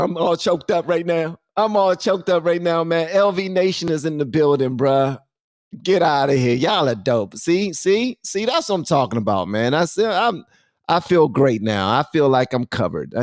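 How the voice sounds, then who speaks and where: Man, reaction commentary host, playful, higher-pitched, lively, dry sound. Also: normal speed, no echo. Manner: animated, playful, talks to the audience directly.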